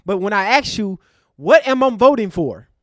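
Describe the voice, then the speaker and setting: A man's voice: high voice, expressive, normal speed, no echo, studio quality. A man hosting an online show, delivering a fiery, preachy rant to his live chat. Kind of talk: impassioned livestream rant.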